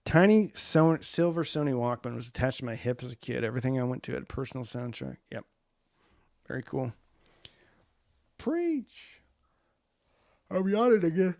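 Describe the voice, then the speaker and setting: A man's voice: mid-range voice, fairly quick, darkish tone, no echo, clean studio sound. A man in his forties hosting a casual live stream, rambling loosely and answering viewer comments.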